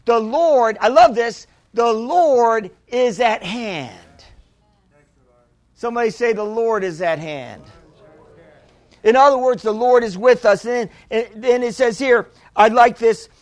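A man preaching a sermon as pastor, breaking into sudden loud exclamations. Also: very high voice, unhurried, no room sound.

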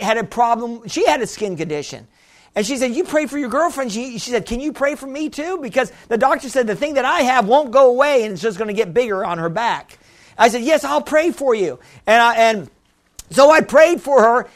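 The sermon comes from a middle-aged pastor whose voice is very high. Quiet storytelling gives way to shouted, excited exclamations as he builds.

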